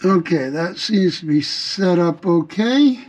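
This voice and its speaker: Higher-voiced man narrating his work. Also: expressive, slow, poor audio. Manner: practical, talks through each step of the job. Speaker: vlogger working on his RV. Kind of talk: casual work narration to camera. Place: workshop area around a vehicle frame.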